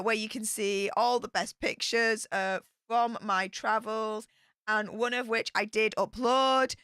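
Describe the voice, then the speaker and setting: Young woman streamer, chatty and excitable; bright, fairly high voice, dry close sound. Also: clean tone, no echo. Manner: chatty and excitable, with bursts of squealing. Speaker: YouTube streamer. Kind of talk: casual livestream storytelling.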